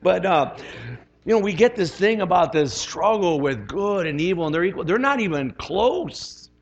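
A man's voice: high-pitched, lively intonation, normal speed, muffled recording. A man preaching as a pastor, conversational and emphatic, often repeating his phrases. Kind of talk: sermon.

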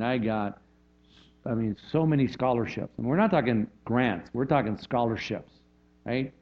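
A man's voice: medium pitch, lo-fi sound. A man preaching a sermon as a pastor, in a conversational way, often checking in with "right?" and restarting his phrases.

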